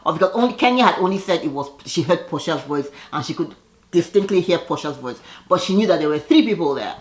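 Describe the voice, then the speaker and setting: A woman chats through a reality-show recap in a gossipy, animated way, slipping into quick voices for the people she describes. Her voice sits a little low. The sound has a noticeable room echo. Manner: gossipy and animated, voices the cast members in quick asides and laughs. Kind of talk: casual recap commentary.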